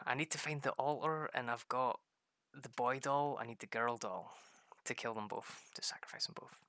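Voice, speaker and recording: A man chatting his way through a game, rambling and laughing as he plays. His voice is bright and edgy with a gravelly fry, recorded close and dry with no room sound. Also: medium pitch, dry recording. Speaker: gaming video host. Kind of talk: casual gameplay commentary.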